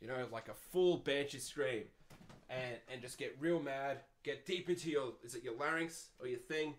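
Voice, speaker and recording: A man's voice: medium pitch, normal speed. A young Australian man hosting a podcast, answering listener questions in a blunt, profane rant. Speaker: podcast host. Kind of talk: ranting advice podcast.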